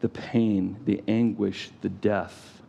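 A man preaching a sermon, animated and playful, acting out scripture with mock voices. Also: on the low side, slow, gravelly, a little hiss or hum. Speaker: pastor.

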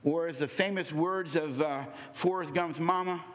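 A man giving a motivational talk on relationships, telling a story with rhetorical questions and deliberate pauses. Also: fairly high pitch, steady tone, a bit bright. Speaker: speaker on relationships.

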